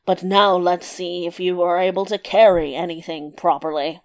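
Woman putting on a slow, scornful giant. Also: steady tone, close to an everyday voice. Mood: gruff. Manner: slow, low, contemptuous growl. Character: huge scornful male giant, gruff and slow.

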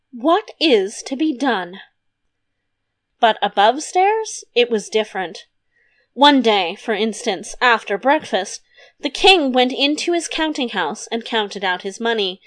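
A woman narrating a fairy tale in a gentle, even reading voice. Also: on the high side. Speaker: audiobook narrator. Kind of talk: storybook narration.

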